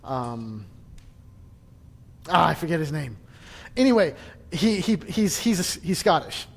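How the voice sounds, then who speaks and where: A man's voice: a little high, sing-song, measured pace, gravelly, big-room sound. A man casually leading a church history class, chatty and joking, with frequent restarts.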